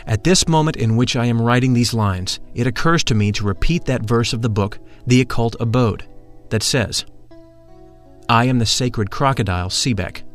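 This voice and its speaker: A man giving a measured, solemn scripted narration. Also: mid-range voice. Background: faint music.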